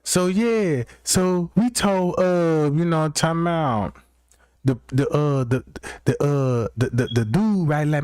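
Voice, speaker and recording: A man's voice: on the high side, measured pace, a little mellow, smooth, dry recording, clean studio sound. A man hosting a livestream, rambling through a profane comic rant and constantly checking in with his listeners. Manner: rambling, keeps asking "you know what I'm talking about". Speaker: livestream host.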